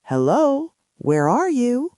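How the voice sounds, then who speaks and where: A woman voicing a huge, gentle male giant who speaks kindly and softly. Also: on the high side, wildly swooping pitch, takes it slowly, no room sound, clean studio sound, voice pushed up, full character voice.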